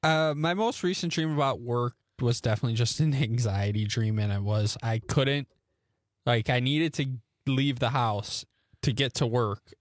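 A man's voice: mid-range voice, normal speed, dry recording, studio quality. A man on a talk radio show, telling a story in a rambling, hesitant way. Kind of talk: casual radio chat.

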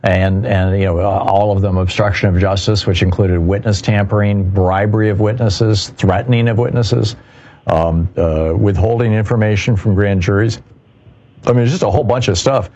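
A man hosting a call-in radio talk show, taking callers and answering in a measured way with many fillers. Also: lowish voice, steady tone, darkish tone. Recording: muffled radio broadcast.

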